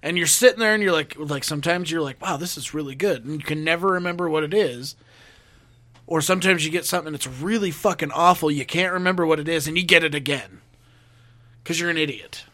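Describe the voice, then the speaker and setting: A man hosting a podcast, telling stories in a casual chat and acting out other people's lines in a higher voice. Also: quick pace. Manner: animated, acts out quotes in a higher voice. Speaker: podcast host.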